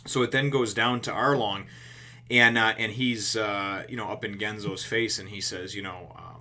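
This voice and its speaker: Loose, rambling man with a bright voice. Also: on the low side, fairly even intonation, moderate pace. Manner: rambling and loose, many fillers and restarts, swears freely. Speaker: video reviewer. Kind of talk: casual chat.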